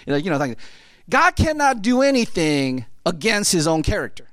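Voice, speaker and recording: A middle-aged man delivers a sermon in an animated, conversational style, tossing in "right?" over and over. His voice sits high and swings widely in pitch. The recording is dry and close, with no room sound. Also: brisk, no echo. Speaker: pastor.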